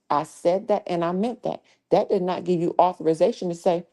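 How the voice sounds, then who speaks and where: A woman's voice: on the low side, fairly quick, hardly any pauses, mellow. A woman hosting a live true crime commentary stream, talking bluntly with heavy cussing and slang. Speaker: livestream host.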